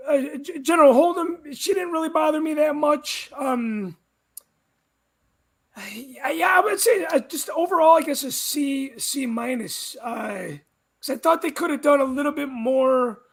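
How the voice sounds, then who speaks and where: A man's voice: very high voice, a bit bright. A man who is the guest host on a casual podcast chat, rambling and laughing as he gives his opinions. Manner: rambling, laughing, with frequent restarts.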